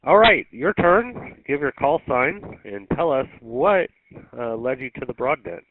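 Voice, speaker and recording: A man's voice: mid-range voice, big pitch swings, a little slow, no echo. A man running a weekly two-way radio net as net control, chatting in a folksy, rambling way with lots of ums. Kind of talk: casual on-air radio chat. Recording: tinny two-way radio audio.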